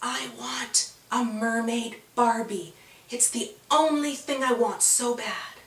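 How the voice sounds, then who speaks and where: A woman doing soft wishing children's voices. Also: high voice, expressive, moderate pace, reverberant, far from the mic. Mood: wishful.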